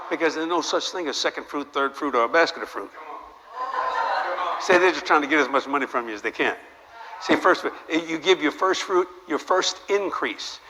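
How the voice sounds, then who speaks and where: An older man preaching a sermon to a live audience, telling stories with jokes and firing rhetorical questions at the crowd. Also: on the high side. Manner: animated, joking storytelling with repeated rhetorical questions. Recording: long hall reverb, faint background noise.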